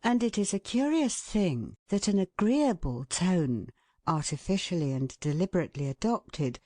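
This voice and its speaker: A woman's voice: fairly low pitch, moderate pace, no echo, clean studio sound. A woman reading an audiobook aloud, shifting her tone to act out the quoted lines. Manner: expressive, shifts tone for quoted speech. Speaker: audiobook narrator. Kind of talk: scripted narration.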